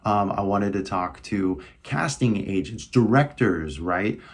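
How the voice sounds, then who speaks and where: Low-voiced and expressive, a young Californian man takes his time giving a casual English lesson. He chats loosely as a teacher, using "right?" and "like" as frequent fillers.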